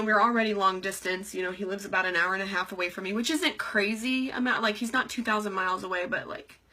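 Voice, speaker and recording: A woman's voice: mid-range voice, pushed and bright. A young woman live-streaming a casual, heartfelt chat, rambling and leaning on "like" and "you know.". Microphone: computer webcam on a live stream.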